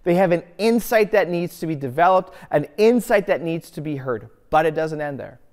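A man's voice: on the high side, expressive, moderate pace, a little mellow. A man preaching a sermon as a pastor, earnest, often asking himself a rhetorical question and answering it.

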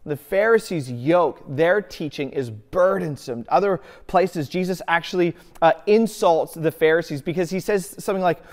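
A man's voice: a little high, normal speed, few pauses. A man preaching a sermon as a pastor, earnest, often asking himself a rhetorical question and answering it.

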